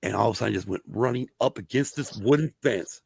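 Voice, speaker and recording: Brief: middle-aged male podcast host, gravelly, lively swearing storyteller, dry close sound. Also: fairly low pitch, quick pace, dry recording. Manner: profane, animated storyteller. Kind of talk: casual storytelling chat.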